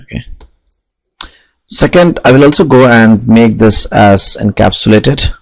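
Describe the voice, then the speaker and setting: Man, coding tutorial, slightly low voice, fillers. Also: unhurried, creaky, poor audio. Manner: explanatory, frequent "okay" and "you know" fillers; dictates code as he types. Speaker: programming instructor.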